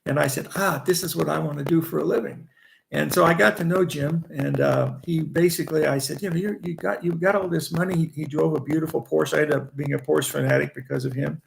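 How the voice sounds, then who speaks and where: An older man in his eighties, originally from Indiana, recounts his early trading days in a loose, anecdotal way, often restarting phrases and chuckling as he goes. His voice is deeply gravelly and crackly, sitting a little high for a man. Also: fairly even intonation, fairly quick. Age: 80s. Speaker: guest, veteran trader. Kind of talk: rambling anecdotal storytelling.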